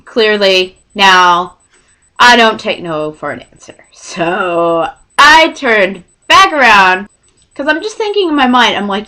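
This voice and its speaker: A young woman from Texas telling a storytime vlog, rambling and excitable, often cutting herself off mid-sentence. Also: medium pitch, slow. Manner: rambling, self-interrupting, excitable. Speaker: vlogger.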